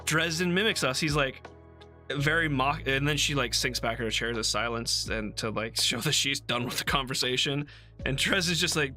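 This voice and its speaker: A man's voice: medium pitch, fairly quick, bright, forceful tone, faint music behind. A man hosting a casual book club livestream, recapping chapters in a chatty, amused way with frequent ums and restarts.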